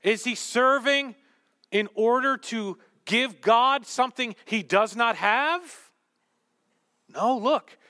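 A man preaching a sermon, animated, with joking asides, swinging between loud emphasis and hushed remarks. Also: extremely high pitch, slow pace. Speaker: pastor. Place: church sanctuary. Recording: long reverb of a church hall.

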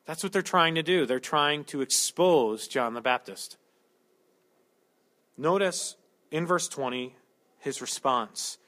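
A man's voice: a little high, expressive, takes it slowly, pauses often, pushed and bright. A man preaching a conversational sermon, working through a Bible passage verse by verse with humorous everyday asides. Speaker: pastor.

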